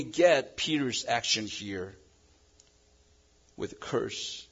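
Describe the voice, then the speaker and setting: A man preaches a sermon in English that is not his first language. He moves between dramatic loud emphasis and quiet, hushed moments, and his pitch rises and falls widely. His voice is husky, and the recording sounds muffled. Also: expressive, measured pace. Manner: non-native English phrasing. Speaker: pastor.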